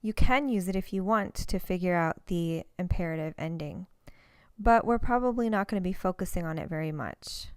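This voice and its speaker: A woman teaching a recorded language lesson, explaining step by step and saying example words slowly and carefully. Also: on the low side, clear, resonant tone, dry recording.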